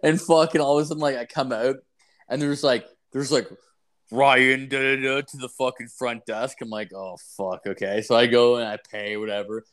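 A man's voice: medium pitch, fairly even intonation, moderate pace. A young man, co-hosting a podcast and telling a rambling, profane story full of "like". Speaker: podcast co-host. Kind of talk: casual podcast chat.

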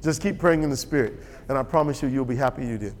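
A man's voice: mid-range voice, fast talker, long reverb tail, a little hiss or hum. A man preaching a sermon as pastor. He talks emphatically, repeats his key lines and often checks that the audience is with him. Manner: emphatic and repetitive, asks the audience for assent.

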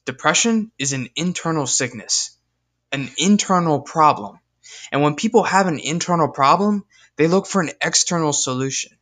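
Young man, emphatic scripture reader, devotional talk, slightly raised pitch. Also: animated, fairly bright tone. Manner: earnest, emphatic, reads verses deliberately. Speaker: speaker in a devotional video.

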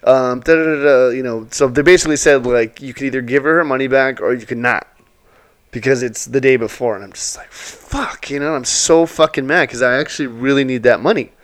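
A man's voice: medium pitch, steady tone, a little fast, no room sound. A young man telling rambling, profane personal stories in a casual way. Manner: profane, rambling, emotional anecdotes. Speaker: Airbnb host, former military. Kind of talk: casual storytelling.

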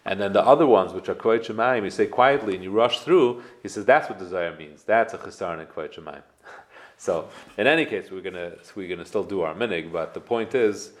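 Deep, fast-talking rabbi. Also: male voice, animated. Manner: explains with rhetorical questions, quotes prayers. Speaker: rabbi giving a class. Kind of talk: casual Torah class.

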